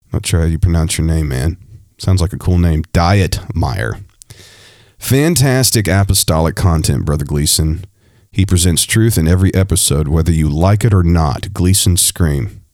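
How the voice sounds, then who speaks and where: A man hosting a religious podcast, reading listener messages in casual, animated chat with frequent restarts. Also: low-pitched, no echo, studio quality. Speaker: podcast host and preacher.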